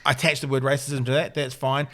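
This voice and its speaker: A man's voice: medium pitch, fast talker. A New Zealand man hosting a casual podcast chat, telling stories and acting out the voices of people he quotes. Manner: animated storyteller, acts out quoted voices. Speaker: podcast host. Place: hotel room by a lake.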